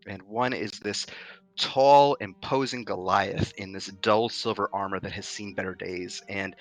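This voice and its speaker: A man's voice: lowish voice, a bit bright, poor audio. A man narrating as game master of a tabletop game, describing the scene in detail with frequent fillers.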